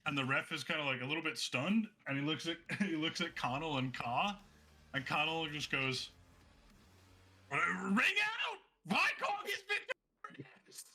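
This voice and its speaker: A man with a husky voice narrating a tabletop game as game master, lively and laughing often. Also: fairly high pitch, moderate pace.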